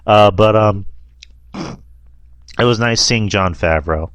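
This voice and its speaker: Deep-voiced man chatting about movies. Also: slow, fairly bright tone, clean tone, no echo. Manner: rambling, laughs often, quotes lines in a mocking voice. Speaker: podcast host. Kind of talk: casual movie review chat.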